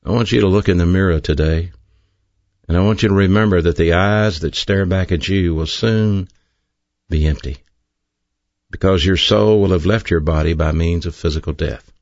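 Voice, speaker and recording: Deep-voiced guy preaching a sermon, earnest and emphatic, dry kinda dull recording. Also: darkish tone, no room sound. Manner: earnest, emphatic preaching with slow drawn-out stresses. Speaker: pastor.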